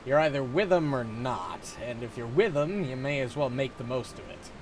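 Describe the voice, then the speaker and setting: A man's voice: mid-range voice, lively intonation, moderate pace, slight background noise, close to an everyday voice. A man reading game dialogue aloud, voicing a hardened resistance soldier in a blunt, matter-of-fact way.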